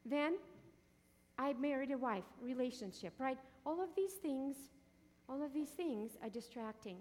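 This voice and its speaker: A woman's voice: high-pitched, animated, measured pace, darkish tone, long reverb tail. A woman teaching a Bible passage in a sermon, often asking the listeners questions and answering them herself.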